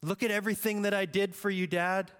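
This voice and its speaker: A man's voice: high-pitched, level tone, fairly quick, fairly bright tone, clean tone, pitched above the performer's own voice. A man voicing a resentful older brother who complains indignantly to his father. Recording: echoey hall.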